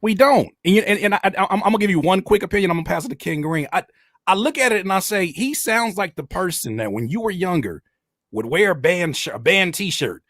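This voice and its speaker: A man hosting a casual podcast chat, talking in an animated way and acting out quotes. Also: high-pitched, fast, no echo, studio quality. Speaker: host.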